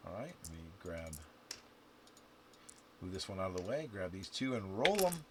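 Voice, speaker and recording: A man playing a dice game on camera, counting scores aloud and chatting to the viewer with sudden loud outbursts. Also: sits low, moderate pace. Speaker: game instructor. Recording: steady background noise with clicks and typing.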